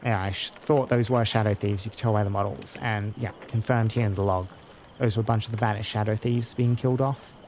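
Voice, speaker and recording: A man's voice: fairly low pitch, fairly even intonation, brisk, a little mellow, slight background noise. A man chatting casually while playing through a video game, musing aloud about the story. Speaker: let's play host. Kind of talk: casual gameplay commentary.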